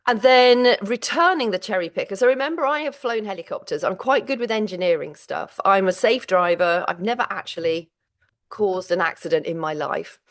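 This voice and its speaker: A middle-aged woman hosts a personal vlog in a voice of ordinary pitch. She sounds physically and mentally exhausted and on the edge of tears. Her talk is frank and halting, with frequent broken starts. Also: expressive. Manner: candid and halting, with many restarts. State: close to tears. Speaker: menopause vlog host.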